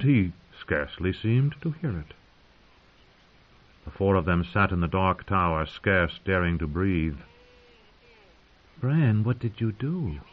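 A man narrating a fantasy audiobook in a dramatic, expressive reading. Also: low-pitched. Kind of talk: scripted narration. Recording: dull lo-fi audio.

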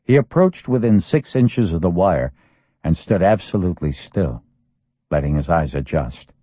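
A man reading a thriller audiobook in a steady, measured storytelling voice. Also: low-pitched, no echo. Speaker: audiobook narrator. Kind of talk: scripted thriller narration. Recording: dull lo-fi dry recording.

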